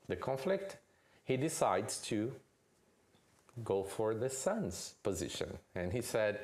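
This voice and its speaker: A man giving a lecture at a spiritist center, telling a family story with lively delivery and often asking "okay?". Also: mid-range voice. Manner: animated storyteller, checks in with "okay?".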